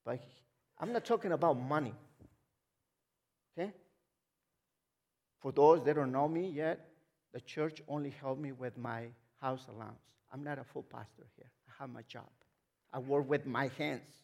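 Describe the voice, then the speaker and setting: A man's voice: mid-range voice, moderate pace, pauses often, darkish tone. A man preaching a sermon as a lay missionary, speaking emphatically, repeating words as he builds up and asking the congregation frequent questions.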